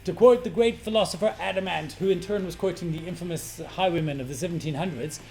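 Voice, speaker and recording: A middle-aged man coaching on presentations in a brash, animated vlog style, swearing freely for emphasis. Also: sits high, fast, gravelly. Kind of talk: energetic talking-head vlog. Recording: faint guitar music underneath.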